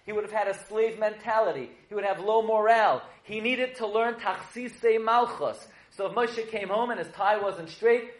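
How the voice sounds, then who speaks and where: In an echoey room, a man teaching as a rabbi delivers a funny Torah lesson full of stories, jokes, and quizzes for the audience. His voice sits high, moving at a normal speed with few pauses.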